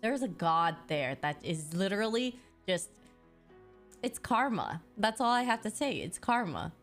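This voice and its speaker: A woman's voice: medium pitch, big pitch swings, faint music behind. Woman laughing thru a story, says like constantly, casual stream chat. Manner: giggly, fast, filler-heavy with lots of "like".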